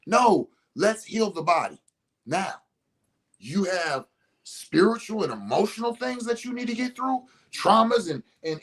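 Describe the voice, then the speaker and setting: A man talking casually as a healer and host, cursing freely and acting out what others said, recorded indoors in a house. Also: a little high. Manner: animated, profane, acts out quotes. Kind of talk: casual storytelling talk.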